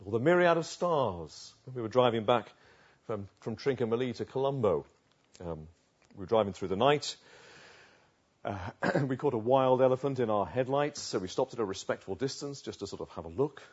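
Man, preacher, sermon, husky, hushed to emphatic, muffled recording. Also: medium pitch, expressive, fairly quick. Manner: dramatic swings between hushed and emphatic. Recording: dull lo-fi recording.

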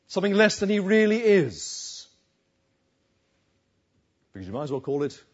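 Preaching conversationally and quizzing his listeners, this man has a mid-range voice that's a little mellow and slightly rough. The recording sounds dull and lo-fi.

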